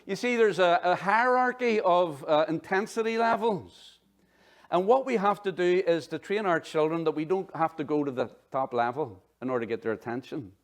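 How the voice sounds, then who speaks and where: A middle-aged man preaching a sermon in an animated, conversational way, full of asides. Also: on the high side, moderate pace. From Northern Ireland. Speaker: pastor.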